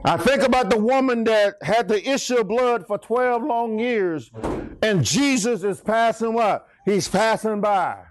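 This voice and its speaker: A man preaching a sermon, retelling scripture stories with animated exclamations and call-and-response calls. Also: high-pitched, unhurried.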